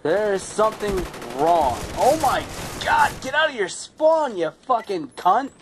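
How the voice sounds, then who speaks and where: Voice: mid-range voice, very animated, a little slow, a little hiss or hum. A young adult gamer commentating their own play in a profane, ranting way full of outbursts. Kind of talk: gameplay commentary. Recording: game gunfire faint behind.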